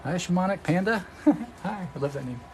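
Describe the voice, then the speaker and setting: A man's voice: high-pitched, expressive, fairly quick, a little hiss or hum, low-quality recording. A man from Oregon, an energy healer, chatting casually on a livestream, rambling and answering viewer comments. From Oregon, USA.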